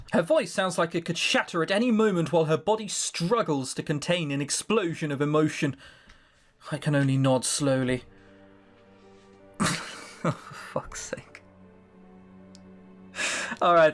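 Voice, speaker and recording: A man's voice: on the high side, fairly bright tone. Sarcastic man reading a visual novel aloud. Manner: sarcastic, swears often, mocks the writing. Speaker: let's play host.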